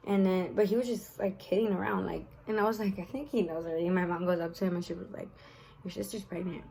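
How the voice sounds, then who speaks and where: A woman's voice: mid-range voice, fairly even intonation, quick pace, gravelly, darkish tone, breathy edge, low-quality recording. A young woman telling a personal story in a casual vlog, tired-sounding and full of fillers and swearing. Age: young adult. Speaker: vlogger.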